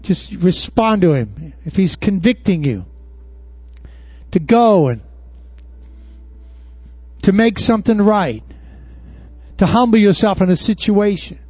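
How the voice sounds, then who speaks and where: A man preaching a sermon in a folksy, animated way, full of rhetorical questions, then leading a prayer. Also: high-pitched, takes it slowly, long pauses, husky, no room sound, lo-fi sound. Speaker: pastor.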